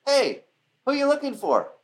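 A man voicing a calm prophet who is playfully toying with soldiers. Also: very high-pitched, moderate pace, pitched above the performer's own voice, exaggerated voice. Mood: teasing. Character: calm, sly old prophet.

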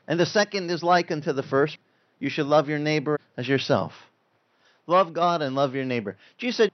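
A man's voice: fairly high pitch, lively intonation, moderate pace, highs cut off. A male pastor preaching a sermon in a conversational way, quoting scripture as he goes.

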